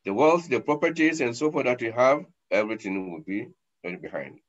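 A man, a sheikh giving a sermon, acting out scenes with sudden loud and soft turns, on a dull lo-fi recording. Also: mid-range voice, fairly quick. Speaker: sheikh, lecturer.

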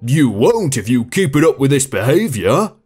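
A man voicing a gruff, rude boss barking orders over the phone. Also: mid-range voice, sing-song, moderate pace, darkish tone, faint music behind.

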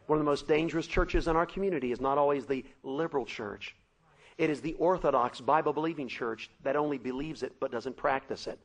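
A man preaching a sermon, telling a story dramatically with shouted sound effects. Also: fairly high pitch, brisk, gravelly, low-quality recording.

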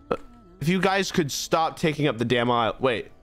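A man's voice: mid-range voice, expressive, fairly quick, a bit bright, faint music behind. A young man streaming a game, talking through it in a rambling, exasperated, self-mocking way. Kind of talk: casual gameplay commentary.

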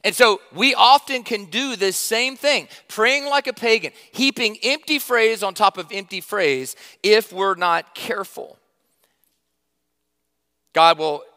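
A man preaching a sermon to his church, conversational and emphatic, with sudden loud stresses and quiet drops. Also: high-pitched, long reverb tail. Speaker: pastor.

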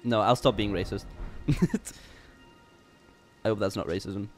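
A man's voice: on the low side, steady tone, a little slow. A young man livestreaming a game, chatting in a goofy, rambling, self-mocking way with stammered restarts. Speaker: streamer. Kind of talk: casual game livestream chat. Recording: jazz music faintly behind.

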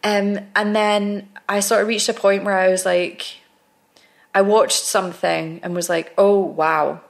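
Woman, actress, podcast guest, casual storytelling, candid, mid-pitched. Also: level tone, measured pace, creaky. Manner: candid storytelling, frequent restarts. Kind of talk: casual conversation.

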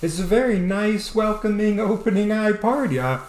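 A man vlogger telling a comedic personal story in a playful, animated way. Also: sits high, moderate pace, reverberant. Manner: animated, playful delivery with sound effects.

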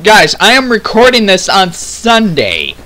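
Tired young guy gaming, high swoopy voice, bright, laughs and swears a lot. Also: huge pitch swings, measured pace, slight background noise. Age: young adult. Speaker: gamer recording a playthrough. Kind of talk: casual let's-play chat.

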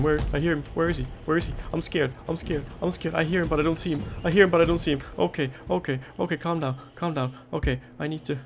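His voice is fairly high for a man and creaky, with a little hiss or hum in the audio. The speaker, a gaming YouTuber, panics through a horror game, cursing and repeating himself whenever he's scared.

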